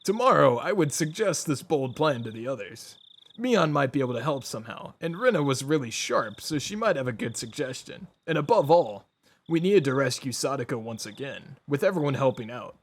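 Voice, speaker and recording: A man's voice: medium pitch, big pitch swings, moderate pace. A man reading a visual novel aloud to friends, laughing and swearing between lines. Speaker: reader voicing a visual novel.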